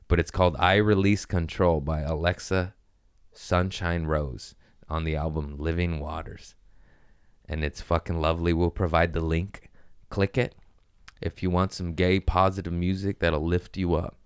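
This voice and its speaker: A man's voice: low-pitched, flat delivery, unhurried, clear, resonant tone, no echo. A man hosting a comedy podcast, telling stories in a laid-back, slangy, profane way close to the mic. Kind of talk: casual storytelling chat.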